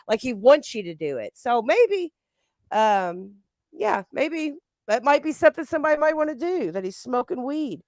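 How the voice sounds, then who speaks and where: High-voiced woman, casual co-host. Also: big pitch swings, moderate pace, a little mellow, dry recording. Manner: laughs often, eager reactions. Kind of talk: casual livestream chat.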